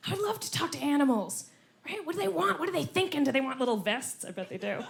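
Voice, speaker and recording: A woman performing a stand-up comedy set on stage, animated, slipping into silly voices. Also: sits high, fast, creaky, background noise. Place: comedy club stage before a laughing audience.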